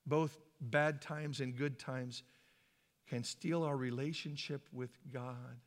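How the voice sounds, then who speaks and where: A man from Idaho preaching a sermon as a pastor, shifting between hushed, slow passages and loud, fervent ones. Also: medium pitch, fairly even intonation. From Boise, Idaho. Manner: impassioned, swings from hushed to loud. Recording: long hall reverb.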